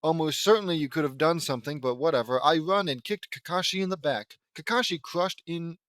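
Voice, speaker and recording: A man's voice: a little high, a little fast, fairly bright tone, no room sound, clean studio sound. Rambling man reading fan fiction. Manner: rambling, self-deprecating, easily sidetracked. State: sore throat. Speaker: fan fiction audiobook reader.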